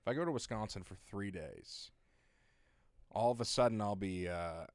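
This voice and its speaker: Laughing, low-voiced male podcast co-host. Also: normal speed, no echo. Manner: laughs often, tells anecdotes, puts on silly voices. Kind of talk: casual comedic chat.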